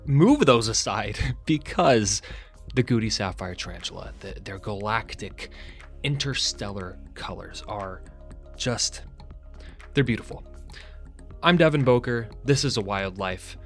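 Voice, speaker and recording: A man's voice: mid-range voice, a bit bright. A man hosting an educational podcast, talking in an enthusiastic, chatty way and often stopping to correct himself. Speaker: podcast host. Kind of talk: casual educational narration.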